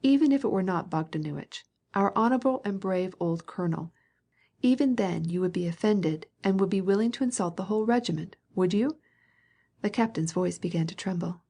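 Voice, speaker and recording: A woman reading a classic novel aloud as an audiobook narrator, mostly even and unhurried, lifting her voice slightly for dialogue. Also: fairly low pitch. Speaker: audiobook reader.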